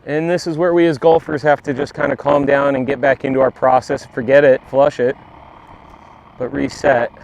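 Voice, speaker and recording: A man's voice: medium pitch, level tone, normal speed, creaky, a little mellow. Breathless man narrating his golf round. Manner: self-deprecating, talks to the camera while playing. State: out of breath at times. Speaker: golf vlogger. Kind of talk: casual on-course commentary. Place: golf course outdoors.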